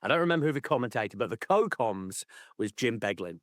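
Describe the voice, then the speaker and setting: A man co-hosts a football chat show, wandering from story to story and teasing his friend. His voice sits at an everyday middle pitch. It is recorded close and dry, with almost no room sound. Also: lively intonation, quick pace, dry recording. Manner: rambling, teasing. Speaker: podcast co-host. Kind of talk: casual chat.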